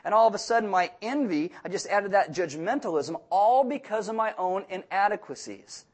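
A young man delivers a sermon with a light, joking touch. His voice sits high for a man, and he acts out the people he quotes with animated voices. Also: moderate pace. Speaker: pastor.

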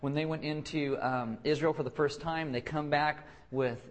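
A young man preaching a casual, joking sermon who restarts his sentences and keeps acting out quick voices to make his point. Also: fairly high pitch, fairly even intonation, slight background noise. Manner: joking, self-deprecating, acts out quick voices; halting restarts and repeated words. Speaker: pastor.

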